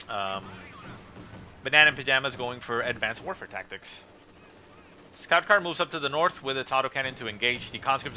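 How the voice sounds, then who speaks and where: A man giving play-by-play commentary on a strategy game replay, calling the action with lots of "uh" fillers and quick bursts of excitement. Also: mid-range voice. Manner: rapid play-by-play with frequent "uh" fillers, rising excitement at kills. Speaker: game caster.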